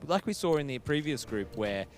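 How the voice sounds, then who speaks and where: A man's voice: on the high side, sing-song, normal speed, soft background music. A young man giving casual esports commentary, chatty and analytical with lots of fillers and teasing banter.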